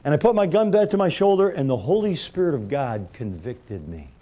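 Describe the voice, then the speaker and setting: A middle-aged man preaching a sermon, telling a personal story, moving between loud preaching and quiet, hushed retelling. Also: on the high side, sing-song, a little fast. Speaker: pastor.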